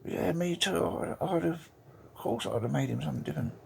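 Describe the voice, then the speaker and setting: A man voicing an Australian widow who quickly agrees. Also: fairly high pitch, lively intonation, vocal fry, a little hiss or hum, voice pushed up. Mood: eager.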